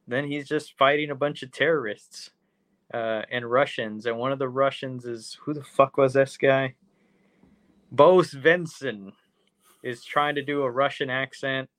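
A man's voice: mid-range voice, fairly bright tone, no room sound. A man co-hosting a podcast, casually recapping a movie plot with lots of fillers and swearing. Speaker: podcast co-host. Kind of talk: casual movie review chat.

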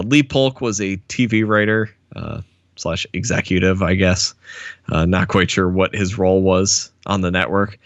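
A man with a low voice that has a bright, forceful edge, co-hosting a podcast. He talks in an easygoing way, laughs often and hesitates with "uh". The recording is dry and close. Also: no room sound. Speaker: podcast co-host. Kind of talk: casual chat.

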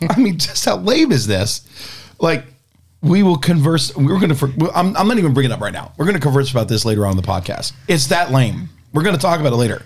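A man's voice: on the high side, big pitch swings, fast. A man hosting a casual podcast, griping at his co-hosts with teasing, mock-outraged banter. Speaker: podcast host.

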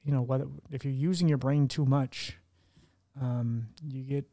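A man's voice: medium pitch, steady tone, normal speed, mellow, no echo, studio quality. Frank, rambling young man talking candidly. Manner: frank and rambling, swears casually, acts out quotes in a raised voice. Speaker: podcast host. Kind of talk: candid conversational interview.

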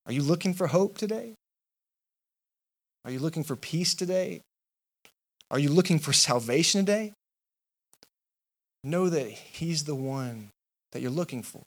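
A man's voice: on the high side, measured pace, pauses often. A male pastor giving a sermon, with impassioned, repetitive rhetorical preaching.

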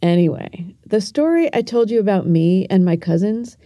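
A middle-aged woman tells a story and teaches kids on her podcast in an earnest, gentle way. Her voice is very dark and mellow, with a middle pitch. The recording is dry and close, with no room sound. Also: expressive, normal speed, no echo. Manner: earnest, gentle, talks straight to the listener. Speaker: podcast host.

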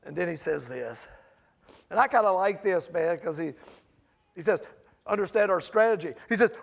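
A man preaches through a Bible passage to a small group. His voice sits high and carries a gravelly edge. He talks to the room directly and swings between loud and hushed. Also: expressive, normal speed, pauses often. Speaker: Bible study teacher. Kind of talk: preaching Bible study talk.

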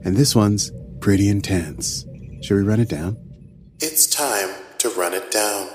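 A man's voice: fairly low pitch, a little slow, faint music behind. A man co-hosting a casual podcast and recapping an episode, joking around and slipping in and out of playful put-on voices. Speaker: podcast co-host.

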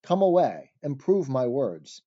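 A man's voice: medium pitch, very animated, a little slow, warm tone, dull audio. A man reading the part of an earnest, troubled pilgrim who pleads in old-fashioned speech.

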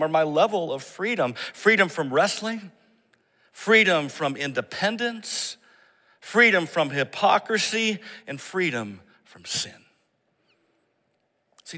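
A man preaching a sermon as pastor, swinging from raised, emphatic lines to hushed, prayerful murmurs. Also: fairly high pitch, lively intonation, measured pace, in a large hall. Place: church service that is also streamed online.

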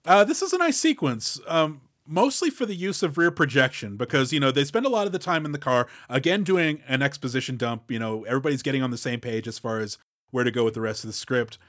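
A man's voice: mid-range voice, expressive, fast talker, fairly bright tone, no echo, studio quality. A man co-hosting a casual movie podcast, explaining film techniques in a loose, filler-heavy way. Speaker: podcast co-host.

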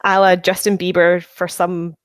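A woman's voice: on the low side, little pitch movement, moderate pace, slight background noise. A woman co-hosting a podcast, chatting wryly and animatedly about films. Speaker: podcast co-host. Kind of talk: casual film chat.

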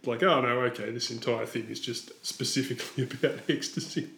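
A man co-hosting a casual music podcast, chatty and quick to laugh, from Australia. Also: medium pitch, creaky, a bit bright. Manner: chatty, laughs often, recites lyrics playfully. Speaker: podcast co-host. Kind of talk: casual chat about music. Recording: roomy echo.

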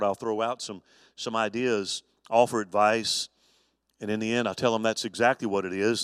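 A man's voice: on the low side, clean tone, dry recording, clean studio sound. A man, a pastor, teaching an adult Bible study in a conversational, folksy preaching style with homespun stories.

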